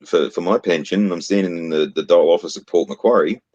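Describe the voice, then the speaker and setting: A man's voice: low-pitched, quick pace, darkish tone, lo-fi sound. A man from Australia with an Australian accent, ranting bluntly and profanely in casual chat.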